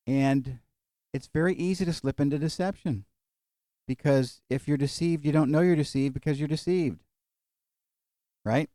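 A middle-aged male pastor preaching a sermon and closing in prayer, folksy and animated, acting out little quotes and jokes. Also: on the high side, moderate pace, pauses often, dry recording, clean studio sound.

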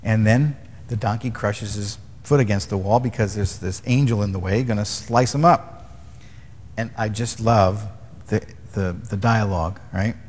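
A man teaching from the Bible in a relaxed, wry way, reading verses and retelling stories. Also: lowish voice, moderate pace, long reverb tail. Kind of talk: casual teaching chat.

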